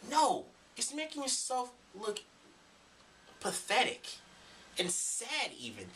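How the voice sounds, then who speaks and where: A man's voice: extremely high pitch, pushed and bright, recorded from a distance, slight background noise. A young man ranting emphatically to his camera in a preachy, profane vlog monologue. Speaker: vlogger. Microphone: camera mic.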